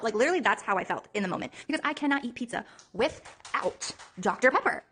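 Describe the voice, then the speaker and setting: A woman podcast co-host telling a story in an animated, profane rant. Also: on the high side, fast talker, husky. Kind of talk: casual ranting story.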